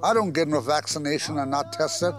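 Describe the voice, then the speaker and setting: An older man, a medicine man, giving a slow, halting, earnest spoken message outdoors in open country. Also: a little high, faint music behind. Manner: slow, halting, earnest speech with many pauses.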